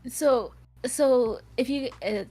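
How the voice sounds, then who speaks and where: Female stream guest, slightly high, slow pace. Halting with fillers, casual chat. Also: faint music behind. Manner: soft-spoken, halting with fillers.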